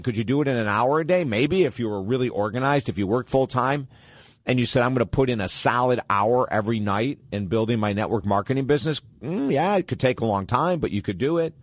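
A blunt male advice host, talking candidly with lively asides. His voice sits at a middle pitch. The sound is dry and close. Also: fast talker, no room sound. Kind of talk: advice talk answering listener questions.

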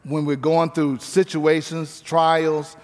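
A man's voice: fairly high pitch, level tone, takes it slowly, darkish tone. A man preaching a sermon as pastor, stressing his points by repeating key phrases. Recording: reverberant hall with faint music.

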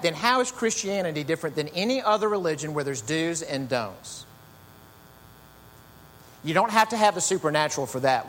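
Pastor guy chatting through a sermon, kinda high voice, echoey church hall, low hum behind. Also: fairly bright tone. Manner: conversational storytelling, chatty asides. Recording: long reverb, faint hum.

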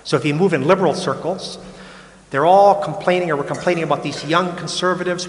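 Older priest preaching in an echoey hall. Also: male voice, on the high side, a little fast. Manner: casual, frank, repeats words, mocks complaints. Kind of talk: conversational sermon. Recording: echoey hall with long reverb.

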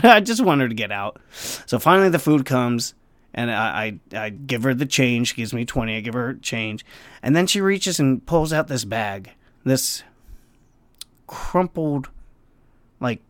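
A man's voice: on the high side, fairly bright tone, dry recording. Man in a casual vlog: rambling work story, acted-out lines, dry sound. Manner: rambling, acts out the people in his story. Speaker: restaurant server. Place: near Los Angeles.

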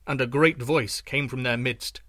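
A man narrating a folk tale in an expressive, dramatic reading. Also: mid-range voice, measured pace, dry recording, clean studio sound. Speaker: storyteller. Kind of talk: scripted narration.

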